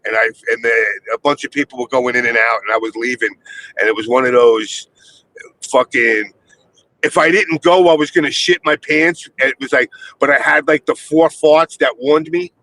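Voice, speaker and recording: A man streamer telling a crude story in casual chat, animated, with put-on voices for the people in it. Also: medium pitch, normal speed, rough recording.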